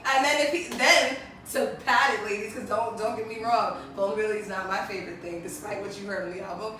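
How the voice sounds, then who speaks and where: A woman's voice: medium pitch, fairly even intonation, fast. A woman singer chatting playfully as an interview guest, laughing and acting out little quotes. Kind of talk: casual interview chat. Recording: echoey room, distant mic, noisy.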